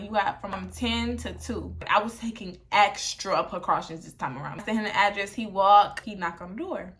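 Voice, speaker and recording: A young woman vlogger telling a storytime while getting ready, animated and slangy with conspiratorial asides. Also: medium pitch, a little hiss or hum.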